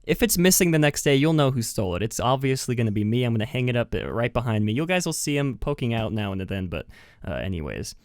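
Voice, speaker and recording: A man's voice: medium pitch, sing-song, fast talker, a little mellow, clean tone, dry recording, clean studio sound. A man hosting a podcast in a casual, chatty, self-mocking way, often giggling at his own jokes. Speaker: podcast host. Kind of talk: casual chat. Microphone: webcam with mic.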